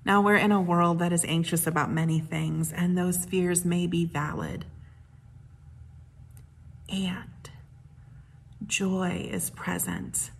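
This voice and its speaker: Husky-voiced woman pastor preaching gently. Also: lowish voice, steady tone. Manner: gentle, unhurried storytelling with soft hushed moments. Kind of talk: sermon with personal stories.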